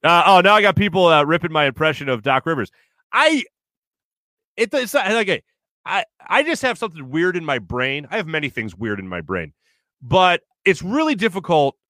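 A man hosting a sports radio show in a chatty, rambling way, reading viewer comments between asides. His voice is bright and a little higher than most men's. The sound is dry and close, with no room around it. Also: very animated, brisk, no echo. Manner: rambling, chatty, self-interrupting with fillers; reads listener comments aloud. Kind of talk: casual sports talk show.

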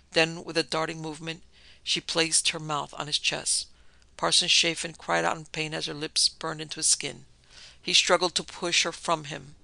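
A man narrating a dark story in a measured, dramatic way. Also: a little high, gravelly, dry recording, low-quality recording.

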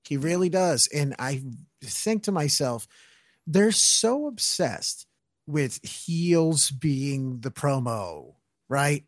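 A man's voice: on the high side, lively intonation, slow pace, no room sound, clean studio sound. A man co-hosting a casual podcast, ranting about wrestling with profanity and mocking impressions. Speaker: podcast co-host.

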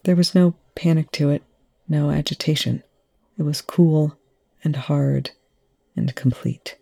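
An audiobook reader narrating a story in a measured, even way. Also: medium pitch, gravelly. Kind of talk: fan fiction audiobook narration.

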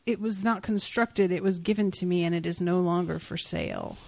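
A woman voicing a sad, quiet male lord of dreams who speaks calmly. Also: on the low side, gravelly. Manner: calm, sorrowful and measured.

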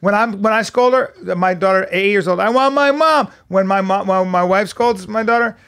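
A middle-aged man co-hosting a podcast in casual chat, telling animated stories and swearing freely. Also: high voice, normal speed, clean tone. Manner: animated storyteller, swears freely, acts out quotes. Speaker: podcast co-host.

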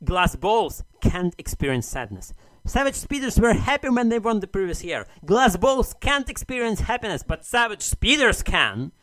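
A man's voice: high-pitched, very animated, normal speed, few pauses, fairly bright tone, no echo. A man delivering a mock-grandiose, argumentative monologue in an audio message sent to a show. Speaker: listener sending an audio message. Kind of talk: read-out monologue.

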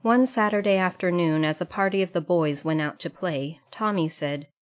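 A woman reading a classic novel aloud as an audiobook narrator. Her voice sits on the low side, calm and even as she tells the story. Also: moderate pace. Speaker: audiobook reader. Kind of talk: scripted narration.

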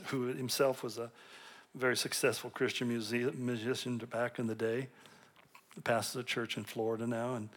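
A man's voice: medium pitch, fairly bright tone. Male pastor preaching, chatty storytelling sermon, little jokes, repeats words when he gets going. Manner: conversational storytelling with light humor; restarts and repeats words when building a point.

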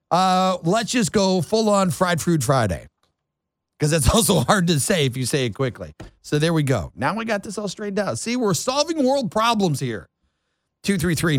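A man's voice: fairly high pitch, dry recording. A man hosting a morning talk radio show, chatting in a rambling, playful and self-mocking way into a studio mic. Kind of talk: casual morning radio chat.

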